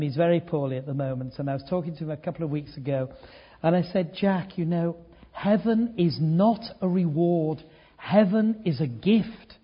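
An older preacher with a high, breathy voice tells a story to his congregation. He speaks earnestly, sinking to a hush and then building to emphatic declarations. The sound is slightly dull and lo-fi. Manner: earnest, swings from hushed to emphatic. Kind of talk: sermon with storytelling.

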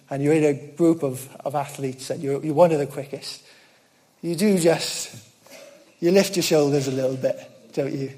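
A man delivering a sermon with a fairly high but warm, mellow voice. He keeps it earnest and conversational, with self-deprecating humor. He swings from loud emphasis down to hushed, quiet asides. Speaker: preacher.

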